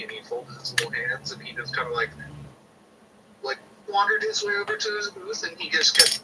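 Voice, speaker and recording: A man with a fairly high, creaky voice chats briskly about model kits, wandering through a funny story in a lively, jokey way. The room is noisy and the mic sits a little far off.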